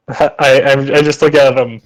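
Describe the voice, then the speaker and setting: A man's voice: medium pitch, steady tone, measured pace, rough recording. A man playing a tabletop game online who eagerly says what his character does. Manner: eager, declaring actions. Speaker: player.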